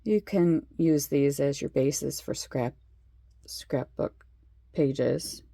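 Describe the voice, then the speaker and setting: A woman's voice: extremely low pitch, very slow, gravelly, dark tone, no echo, studio quality. A middle-aged woman in a casual craft show-and-tell, chatting with lots of fillers and admiring asides. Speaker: craft vlogger.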